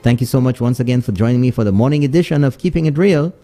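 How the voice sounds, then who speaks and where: A man's voice: medium pitch, quick pace, warm tone, soft background music. A man hosting a call-in radio talk show, greeting listeners in many places and signing off. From Saint Lucia.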